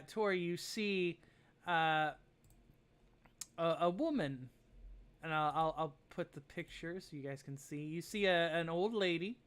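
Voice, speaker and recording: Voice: mid-range voice, a bit bright, clean tone. A game master narrating a tabletop game in a hesitant way, leaning on fillers while setting scenes. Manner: hesitant, full of fillers like "kind of".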